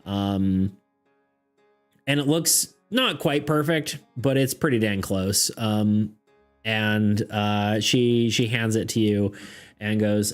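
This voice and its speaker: A man's voice: lowish voice, slow, clean tone. A man running a streamed tabletop game, rambling and hesitant, with self-deprecating asides. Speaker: game master. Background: faint background music.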